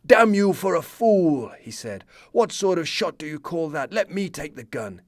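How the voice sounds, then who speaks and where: A man's voice: a little high, very animated, normal speed, no echo, pitched above the performer's own voice. Angry red-haired gunner bellowing at a comrade, a man putting it on, dry close sound. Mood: furious. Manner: shouting, scolding.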